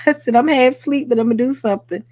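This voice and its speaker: A woman with a Southern US accent hosting a casual livestream, excitable and chatty though tired after a workday. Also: fairly high pitch, fast talker, no room sound. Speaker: livestream host. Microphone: home microphone.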